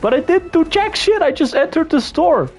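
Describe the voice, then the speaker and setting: A man's voice: very high voice, animated, normal speed, a little mellow, faint music behind. A young man from Austria, ranting profanely and indignantly as he tells a storytime vlog. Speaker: vlogger. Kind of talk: angry storytime rant.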